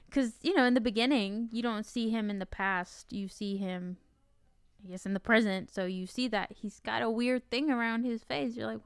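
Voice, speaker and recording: A woman's voice: medium pitch, clear, resonant tone, no echo, studio quality. A woman co-hosting a podcast, chatting casually about a film, swearing freely and acting out her own reactions. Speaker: podcast co-host.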